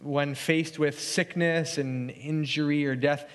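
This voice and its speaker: A man preaching a sermon as pastor, conversational and earnest, going quiet and soft when he reads scripture. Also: a little high, steady tone, slow pace, few pauses, clean tone, in a large hall.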